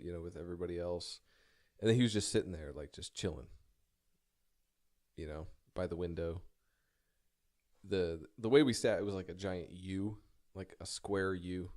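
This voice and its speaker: Young guy rambling thru a story, kinda low voice, swears a lot, keeps restarting himself. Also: darkish tone. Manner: rambling, profane, self-deprecating, halting with many restarts. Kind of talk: casual personal storytelling.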